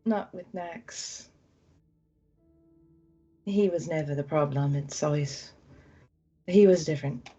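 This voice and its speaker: A woman voicing a reassuring young woman adventurer, speaking softly and slowly. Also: deep voice, breathy edge, full character voice. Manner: soft, slow and reassuring. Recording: dull lo-fi recording with faint music.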